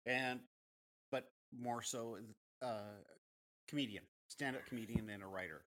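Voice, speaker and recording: A man's voice: medium pitch, measured pace, fairly bright tone. A man hosting a casual interview podcast, friendly and admiring toward his guest, laughing along. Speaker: podcast host.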